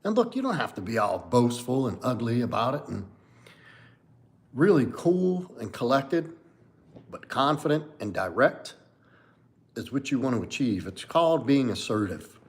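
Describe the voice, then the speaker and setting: A man's voice: mid-range voice, sing-song, normal speed. A man in his forties hosting a casual livestream as a coach, answering viewer comments in a blunt, candid, profane way with lots of "like" and "you know". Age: 40s.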